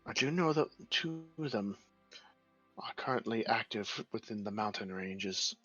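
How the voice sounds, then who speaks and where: A man voicing a calm, wise female dryad who speaks in a measured, solemn way. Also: lowish voice, lo-fi sound, soft background music, heavily acted. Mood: grave.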